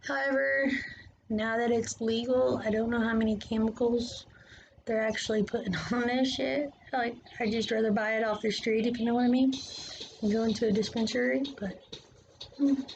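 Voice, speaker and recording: A woman's voice: a little high, steady tone, normal speed, creaky, dull audio, a little hiss or hum. A woman vlogging a casual, rambling opinion monologue, plain-spoken and drifting from topic to topic.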